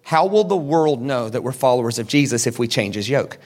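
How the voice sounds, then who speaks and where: A pastor preaches a sermon in an animated, fairly quick, mid-range voice with a darkish tone. He poses questions to the crowd, answers them himself, and acts out the people in the story.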